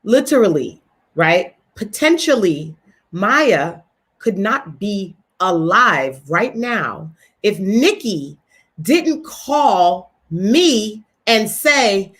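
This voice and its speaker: A woman's voice: a little high, big pitch swings, slow pace, a bit bright, husky. A woman co-hosting a talk show, speaking emphatically and repeating key words for effect.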